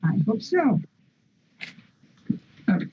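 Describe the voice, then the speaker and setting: A woman's voice: slow, muffled recording, slight background noise. A woman teaching English grammar in an online lesson, explaining step by step with frequent "mm-hmm" and "okay" checks.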